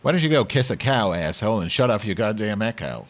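A man's voice: fairly low pitch, expressive, fast. A man in comedic call banter, crudely swearing and bossing his partner while playing a mock news anchor. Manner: crude, bossy, profane joking.

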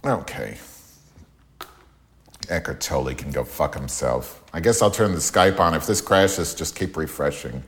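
A man hosting a live stream, thanking donors and rambling in a profane, deadpan way. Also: very deep voice, a little slow. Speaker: livestream host.

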